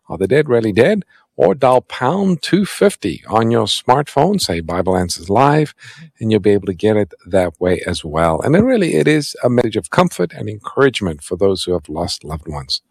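A man's voice: medium pitch, creaky, slightly rough, dry recording, clean studio sound. A man co-hosting a Bible call-in radio show as a pastor, giving out the number and bringing on callers. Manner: lively, gives phone numbers and takes callers.

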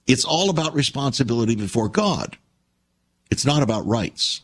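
A man's voice: mid-range voice, very animated, normal speed, slightly rough. A man preaching an emphatic broadcast sermon, addressing listeners as friends. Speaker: radio preacher.

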